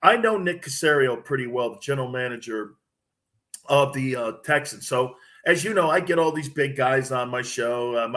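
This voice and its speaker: A middle-aged man, a guest on a sports radio show, telling stories in a blunt, excitable way with many restarts. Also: mid-range voice. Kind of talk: animated storytelling on a sports show.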